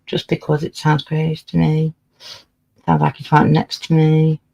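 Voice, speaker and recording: A woman's voice: deep voice, completely flat delivery, unhurried, creaky, dark tone, dull audio. A woman casually chatting on her livestream, swearing freely and scolding her cat as she talks. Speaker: livestream host.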